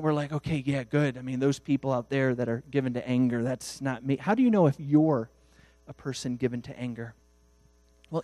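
A man preaching a sermon in an animated way, acting out little dialogues as he goes. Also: a little high, dry recording. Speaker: pastor.

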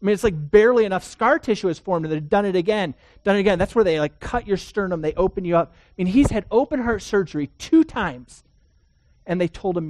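A pastor preaching a sermon, swinging between loud urgent passages and hushed soft ones and asking the audience rhetorical questions. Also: mid-range voice, expressive, brisk, dry recording.

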